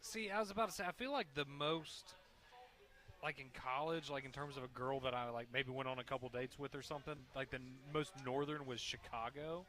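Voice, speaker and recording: Quick southern guy on sports radio, bright voice, lots of "like". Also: mid-range voice, fairly even intonation. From Southern United States. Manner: quick, rambling, full of "like". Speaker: radio co-host. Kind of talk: casual studio banter.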